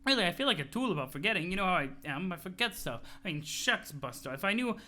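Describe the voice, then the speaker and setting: A man's voice: high voice, big pitch swings, quick pace, sharp tone, heavily acted. A man reading the lines of a folksy, clueless young adventurer aloud on a stream, with old-fashioned, polite and oblivious wording. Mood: bumbling, apologetic.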